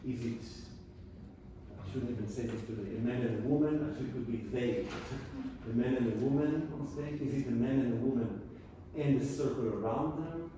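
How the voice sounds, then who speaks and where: A male cello teacher coaching a student in a masterclass, animated and playful, sometimes singing phrases to demonstrate. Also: mid-range voice, a little fast, slight background noise. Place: concert hall. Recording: echoey hall from far off. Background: cello playing.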